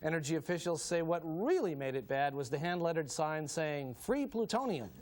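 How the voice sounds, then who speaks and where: A man delivering deadpan comedy news headlines as a sketch show anchor. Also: a little high, fairly quick. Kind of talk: mock news report before a studio audience. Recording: broadcast TV with loud studio audience and noise.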